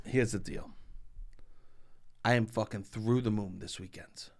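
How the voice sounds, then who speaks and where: A man's voice: on the low side, unhurried. A young man from Staten Island, co-hosting a casual comedic podcast and acting out family scenes as he tells stories. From Staten Island, New York. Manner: animated storyteller, acts out family voices. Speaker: podcast co-host.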